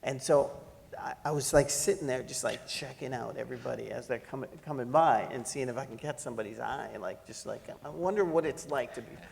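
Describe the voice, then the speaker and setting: A middle-aged man telling a personal story to an audience, animated and laughing as he acts out the voices in it. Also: mid-range voice, fairly quick, vocal fry, big-room sound. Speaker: panel speaker. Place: lecture hall.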